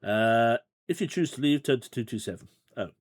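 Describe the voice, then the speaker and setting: A man's voice: mid-range voice, expressive, normal speed. A man playing through a gamebook on a livestream, chatty and rambling with side remarks and chuckles. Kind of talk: casual livestream gamebook playthrough.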